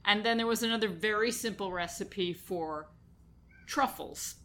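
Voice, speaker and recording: A woman's voice: medium pitch, a little slow, a bit bright, slight background noise. A woman co-hosting a show in a casual, playful chat. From New York. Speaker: co-host.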